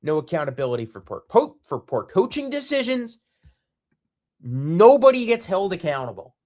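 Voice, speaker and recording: A man's voice: sits high, very animated, moderate pace, darkish tone. A man hosting a solo sports podcast, ranting in an exasperated, repetitive and emphatic way. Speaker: podcast host.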